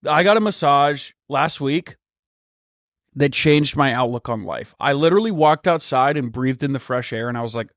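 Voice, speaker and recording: A man's voice: medium pitch, expressive, fairly bright tone, no echo. A man with a mid-range voice trades jokes in casual podcast chat and swears freely. He has a slight cough. The recording is dry and close to the mic. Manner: quick jokey banter, swears. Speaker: podcast co-host.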